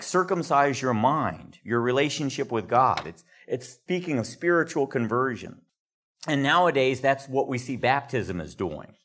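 Reading quotes aloud brings out animation in this older man, who otherwise teaches his classroom Bible lecture earnestly. His voice sits at a medium pitch.

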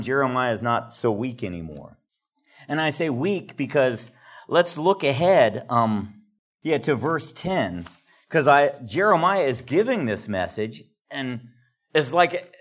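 With a medium-pitched voice, an older man lectures earnestly on the Bible in a classroom, becoming animated whenever he reads a quote aloud.

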